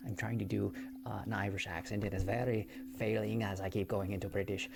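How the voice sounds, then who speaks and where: A woman's voice: extremely low pitch, steady tone, a little fast, vocal fry. A woman livestreamer making chatty, self-mocking asides to her viewers.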